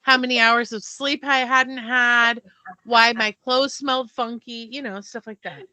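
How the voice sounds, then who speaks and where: Bright-voiced woman telling animated stories. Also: on the high side, a little slow, no echo. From United States. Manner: animated storyteller, acts out quoted people; restarts and stumbles mid-sentence. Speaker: podcast co-host. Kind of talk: casual storytelling chat.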